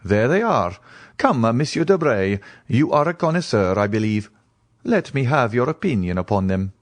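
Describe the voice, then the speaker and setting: A man voicing a courtly, ironic count in an audiobook, with polished and smoothly courteous speech. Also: mid-range voice, very animated, normal speed, dry recording, natural voice. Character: suave scheming male count, courtly and ironic.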